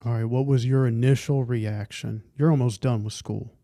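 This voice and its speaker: An interviewer asking unhurried follow-up questions in a conversational interview. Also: mid-range voice, fairly even intonation, mellow, no room sound, studio quality.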